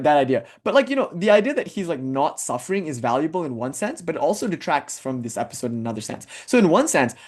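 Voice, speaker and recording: A man's voice: on the high side, darkish tone. A young man giving an informal spiritual lecture in a casual, chatty way, full of "like" fillers and asides, sometimes chanting Sanskrit verses.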